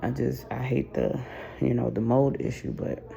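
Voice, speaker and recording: Tired woman with a gravelly voice. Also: moderate pace, dark tone, highs cut off. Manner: tired, low-energy, sighing, heartfelt. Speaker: vlogger. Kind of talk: casual personal vlog. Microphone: camera mic.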